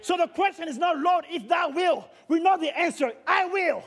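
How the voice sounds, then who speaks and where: A man preaching a fiery sermon, shouting repeated rhetorical questions and dropping to quiet low passages. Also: expressive, normal speed.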